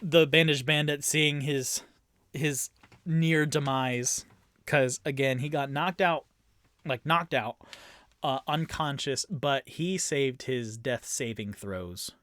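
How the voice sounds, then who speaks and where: A man with a mid-range, fairly bright voice speaks slowly, with no echo. Running a tabletop game solo, he acts as both game master and player, rambling with lots of fillers and breaking into groans of dread. It's solo tabletop actual-play narration.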